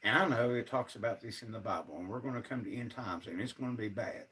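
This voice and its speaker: A man's voice: medium pitch, fast, fairly bright tone, far from the mic. A man, ranting to his viewers on a casual livestream, sounding frustrated and fed up. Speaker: livestream host.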